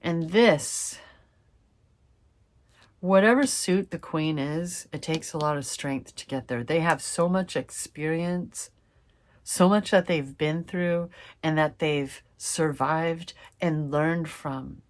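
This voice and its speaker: A young woman doing a casual tarot reading to camera, chatty and excitable, swearing freely and calling her viewers fam. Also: deep voice, takes it slowly. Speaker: tarot reader.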